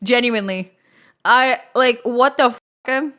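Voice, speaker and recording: A woman streamer chatting casually with her live chat, excitable and quick to swear and laugh. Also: a little high.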